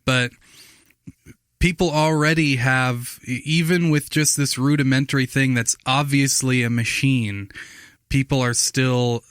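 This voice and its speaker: A man's voice: medium pitch, steady tone, a little slow, fairly bright tone, clear, resonant tone, no echo, clean studio sound. A man co-hosting a podcast in casual chat, rambling as he explains, with many restarts. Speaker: podcast co-host.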